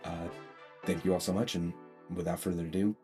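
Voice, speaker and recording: A man's voice: low-pitched, steady tone, a little fast, music in the background. A man casually retelling a fan story as a video creator, rambling and often saying "like". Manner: rambling, lots of "like" and restarts. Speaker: YouTube storyteller.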